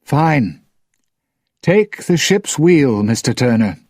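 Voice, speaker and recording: A man voicing a young sea captain, sad and steady, in a raised, earnest tone. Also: medium pitch, slow pace, dry recording, studio quality, voice pushed up.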